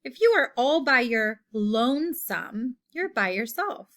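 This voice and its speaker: A woman teacher giving a recorded phonics lesson to children, slowly drawing out each word for them to hear. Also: fairly high pitch, expressive, a bit bright. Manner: slow, patient, drawn-out word modeling.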